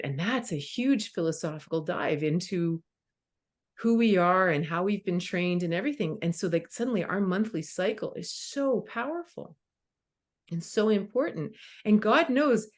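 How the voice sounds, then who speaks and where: A woman's voice: on the low side, lively intonation, moderate pace. A middle-aged woman in a casual conversation as a guest teacher, talking with emphasis and acting out inner voices.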